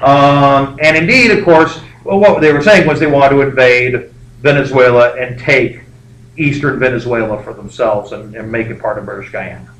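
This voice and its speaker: A man's voice: medium pitch, steady tone, normal speed, fairly bright tone, distant mic. A male history teacher giving a rambling, joking classroom lecture full of fillers. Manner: rambling, jokey, many fillers. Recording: echoey classroom, faint background noise.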